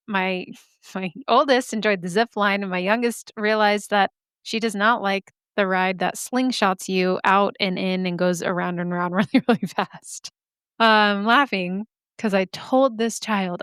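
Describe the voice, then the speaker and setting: Chatty woman with a smooth voice. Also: medium pitch, normal speed, a bit bright, no room sound, studio quality. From Arizona. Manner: bubbly, chatty, laughs often. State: slightly scratchy throat. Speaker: podcast host. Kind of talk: casual chat. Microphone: studio microphone.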